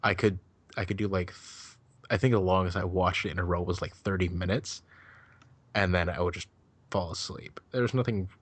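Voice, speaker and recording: A man's voice: sits low, fairly even intonation, moderate pace, breathy edge, dry recording. A man chatting casually on a podcast, rambling loosely and swearing freely as he gives his take on a film. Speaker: podcast co-host. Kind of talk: casual chat.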